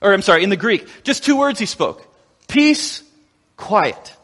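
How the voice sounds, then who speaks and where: A man preaching a sermon, telling the story in an animated way and acting out the quotes. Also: sits high, fast, husky. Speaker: pastor. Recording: long echoing reverb.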